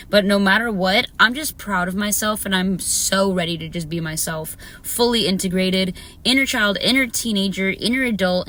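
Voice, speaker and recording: A woman's voice: medium pitch, a bit bright. A young woman talking casually to her viewers as a spiritual YouTuber, laughing often and swearing freely. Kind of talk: casual talk to camera.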